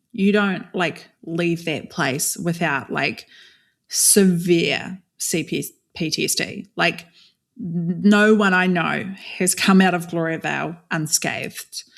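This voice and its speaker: A young woman from New Zealand tells her story as a podcast guest, talking candidly and conversationally. Her voice sits a little low, and she often restarts her sentences and leans on fillers. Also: slow pace, gravelly, fairly bright tone.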